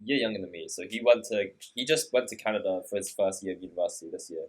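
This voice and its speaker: Husky young man telling a story. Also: sits low, fast, low-quality recording. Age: young adult. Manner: animated storyteller, laughs often, acts out quotes. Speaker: podcast guest. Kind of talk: casual chat.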